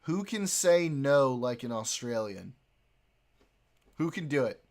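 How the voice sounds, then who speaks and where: A man's voice: mid-range voice, animated, slow pace, darkish tone. A man streaming live, chatting casually with his viewers, joking, swearing and laughing often.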